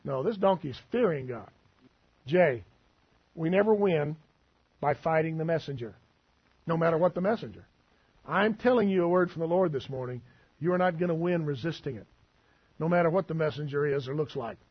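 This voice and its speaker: A man's voice: fairly high pitch, lively intonation, moderate pace, long pauses, husky, dull audio. A man preaching a sermon as pastor, folksy and full of asides and humor.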